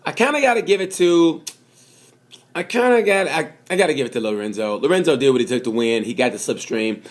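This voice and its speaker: A man's voice: on the high side, animated, a little fast. Rambling, chatty man reviewing a race. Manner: chatty, rambling, heavy with fillers and asides; enthusiastic, repeats his points. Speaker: vlogger reviewing a motorcycle race. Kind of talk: casual rambling commentary to camera.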